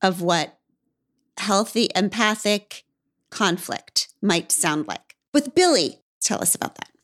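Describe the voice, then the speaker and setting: A woman's voice: medium pitch, very animated, takes it slowly, fairly bright tone, no room sound. Dry-sounding woman podcast host. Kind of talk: casual podcast interview.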